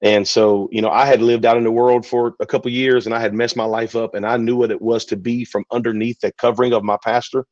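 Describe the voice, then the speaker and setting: A man, a pastor telling his story in an interview, relaxed and chatty. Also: medium pitch, fast, hardly any pauses, no room sound. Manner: relaxed, chatty, many fillers. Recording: dull, dry recording.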